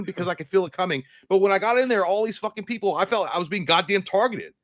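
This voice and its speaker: Co-host, male, fairly high voice, dry close sound, swears a lot and acts out quotes. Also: fast talker, hardly any pauses, no room sound. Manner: profane, animated, acts out quotes. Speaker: podcast co-host. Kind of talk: casual chat, storytelling.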